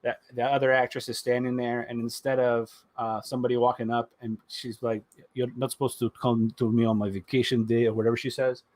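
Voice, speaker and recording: A man hosting a casual gaming podcast, who swears freely and jumps into high mocking voices for his jokes. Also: little pitch movement, fairly quick, hardly any pauses, darkish tone, no room sound. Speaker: podcast host. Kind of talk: casual chat.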